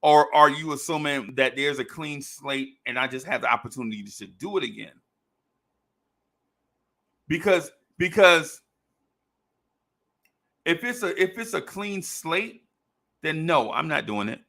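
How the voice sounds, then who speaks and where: A man hosting a casual sports podcast, talking in an animated way, repeating phrases and laughing often. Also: fairly high pitch, measured pace, vocal fry, pauses often. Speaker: podcast host.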